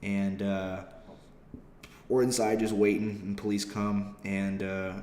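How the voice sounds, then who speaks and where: A man's voice: on the low side, flat delivery, takes it slowly, a little mellow, slight background noise. A young adult man, a comedian hosting his podcast, tells a story in a rambling, profane, self-deprecating way. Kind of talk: casual comedic podcast monologue. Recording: roomy echo.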